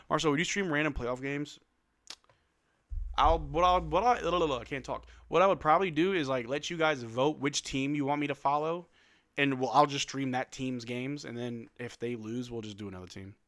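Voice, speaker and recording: A man hosting a late-night live stream watch-along, calling plays in a casual way and swinging between flat dismay and sudden shouts while he is sleepy. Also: medium pitch, brisk, no echo, studio quality. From New Zealand. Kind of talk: casual play-by-play and chat.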